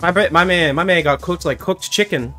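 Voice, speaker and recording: Excitable man, crude gameplay banter. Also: on the high side, a little fast, soft background music. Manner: excitable, crude joking, shrieking outbursts. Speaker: gaming channel host. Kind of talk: casual gameplay chat.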